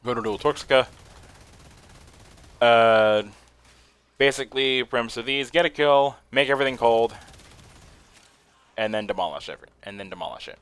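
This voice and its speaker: Young man, gaming commentary, casual, excitable, mid-range voice. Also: mid-range voice, normal speed, pauses often, clear, resonant tone. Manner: excitable, laughs often, swears casually. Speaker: gaming streamer.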